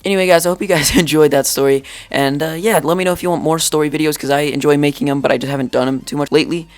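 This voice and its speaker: A man's voice: on the high side, steady tone, very fast. A teenage boy telling a story from school in a casual vlog, rambling and joking, with lots of "like" and "dude". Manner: rambling, jokey, full of "like" and "dude". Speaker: YouTuber.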